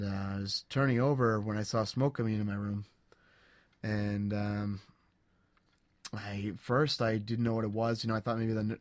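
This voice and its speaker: A young man on a podcast, telling a personal story in a casual, halting way, with many restarts and fillers. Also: on the low side, darkish tone, no echo. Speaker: podcast co-host.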